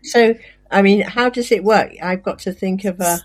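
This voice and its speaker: A woman's voice: mid-range voice, moderate pace. A woman author guesting on a podcast, talking in a thoughtful, slightly hesitant way. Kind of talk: casual interview chat.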